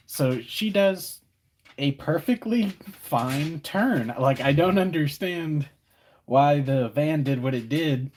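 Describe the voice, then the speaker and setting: A man co-hosting a live stream, telling a story casually in a relaxed, rambling way and correcting himself as he goes. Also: on the high side, slow, a little hiss or hum. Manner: rambling, relaxed, self-correcting, acts out quoted voices.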